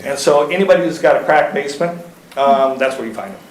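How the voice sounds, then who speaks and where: A man's voice: mid-range voice, lively intonation, fast, a little hiss or hum. A man in his thirties from Iowa speaking to a city council as the local reptile keeper. He talks in a casual, folksy way, full of fillers and stories. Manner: chatty and folksy, lots of fillers and anecdotes. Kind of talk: casual storytelling at a public meeting. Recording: roomy council chamber sound.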